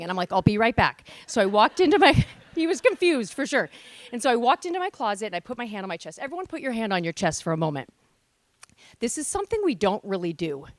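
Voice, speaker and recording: A woman's voice: mid-range voice, a little mellow, no echo. A woman in her forties giving a motivational speech at a women's event, telling a candid personal story with earnest emphasis. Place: event hall with live audience.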